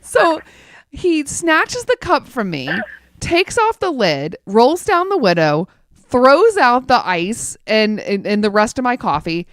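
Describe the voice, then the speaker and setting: A woman in casual podcast chat, telling an animated story full of "like" fillers. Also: a little high, slow, dry recording, studio quality.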